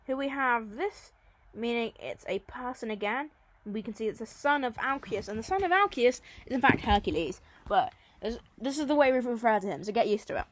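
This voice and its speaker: A woman teaching a recorded Latin lesson, reading verse lines slowly and then explaining them in plain, chatty terms. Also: a little high, lively intonation.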